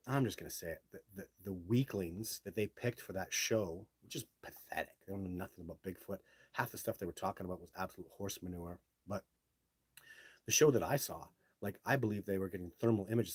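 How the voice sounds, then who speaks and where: Male live-stream host, low husky voice, blunt and brash, casual delivery. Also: darkish tone, no echo. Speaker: live show host reading viewer comments. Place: home setup, speaking to a phone.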